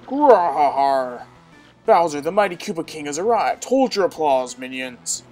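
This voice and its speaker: A woman's voice: deep voice, very animated, unhurried, soft background music, pitched below the performer's own voice. A woman voicing a blustering, hot-tempered male turtle king who growls and barks orders. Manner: growling, bossy, shouting.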